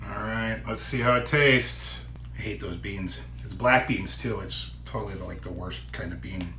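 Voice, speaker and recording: A man casually tasting and reviewing a microwave meal on his own channel, chatty and given to loud exclamations. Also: fairly low pitch, normal speed, echoey room, slight background noise. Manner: chatty, exclaims loudly at hot bites. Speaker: food vlogger. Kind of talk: casual food review vlog.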